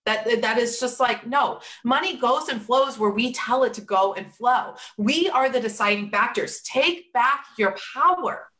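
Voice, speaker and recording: A woman's voice: a little high, unhurried, hardly any pauses, pushed and bright. A woman giving an emphatic motivational talk straight to her listeners, repeating her key points and calling them y'all. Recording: echoey room.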